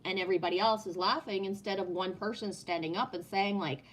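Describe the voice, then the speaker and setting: A woman's voice: mid-range voice, steady tone, quick pace, few pauses, a bit bright, slight background noise. Blunt, swearing woman live streamer. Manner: blunt and profane, keeps asking "right?". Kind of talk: casual live-stream talk, answering chat. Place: at home. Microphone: no headset, sound heard in the room.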